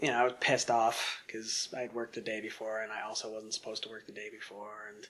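Bright-voiced man telling a rambling story. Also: lowish voice, monotone, a little fast. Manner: rambling, many fillers and asides. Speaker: podcast guest. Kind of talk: casual storytelling.

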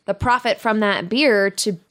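A woman's voice: mid-range voice, measured pace, background noise. A woman co-hosting a podcast, chatting casually and rambling a little.

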